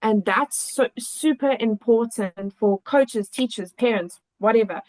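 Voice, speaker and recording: A woman's voice: a little high, measured pace, a little mellow, low-quality recording. A woman guest on a podcast, a children's coach, speaking earnestly and thoughtfully in casual conversation.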